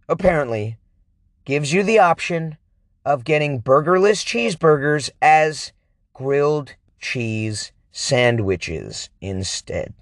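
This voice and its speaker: A man telling a story in a casual, animated rant, sarcastic and exasperated, stretching out words for emphasis. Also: fairly high pitch, no echo, clean studio sound.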